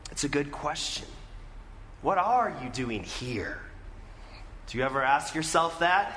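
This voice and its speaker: A man's voice: on the high side, expressive, normal speed, bright, forceful tone, in a large hall, slight background noise. A male pastor preaching a storytelling sermon and putting questions to the congregation.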